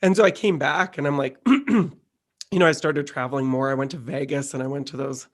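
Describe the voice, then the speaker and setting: A man co-hosting a podcast, chatting in a sassy, quick-witted way. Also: mid-range voice, steady tone. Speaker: podcast co-host. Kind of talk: casual chat.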